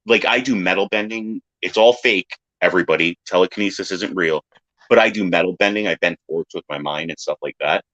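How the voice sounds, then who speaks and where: A man in casual chat who tells animated stories, acting out other people's lines in silly high voices and swearing freely. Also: fairly quick, no echo. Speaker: podcast panelist. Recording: dry, dull lo-fi sound.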